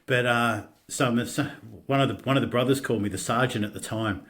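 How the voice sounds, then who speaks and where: Here a middle-aged Australian man speaks at a medium pitch with a fairly bright tone. A guest on a podcast, he frankly recounts his personal story, often breaking off to restart, with casual swearing mixed in.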